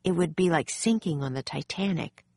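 A woman's voice: deep voice, normal speed, husky, no room sound, clean studio sound. A woman voicing a nervous, cautious young boy in a storybook reading. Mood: anxious. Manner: anxious, hushed.

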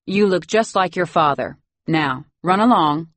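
An acid-tongued old society matriarch with a clipped Boston Brahmin accent, put on by a woman reading an audiobook. She talks down to everyone with dry sarcasm, in a voice pitched a little above the reader's own low tone. The recording is close and dry. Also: expressive, a little slow, fairly bright tone, no room sound. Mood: haughty. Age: over 60. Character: haughty elderly upper-class grandmother. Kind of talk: audiobook character voice.

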